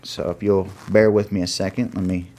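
A man preaching an earnest sermon, pausing to find his place and reading scripture aloud. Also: low-pitched, little pitch movement, warm tone. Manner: earnest, reads scripture aloud with pauses while finding pages.

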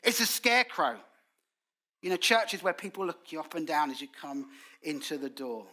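A man preaches in a church, his voice sitting a little high and ringing bright. He tells stories with energy, acting out quotes in colloquial British phrasing. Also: moderate pace. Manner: animated storytelling with acted quotes. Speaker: guest preacher. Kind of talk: sermon.

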